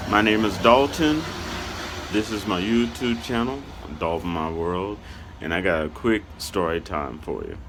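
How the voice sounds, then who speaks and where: A man from Kansas City, Missouri, telling a casual story to his channel's viewers, rambling and filling pauses with "okay" and "you know.". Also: deep voice, background noise.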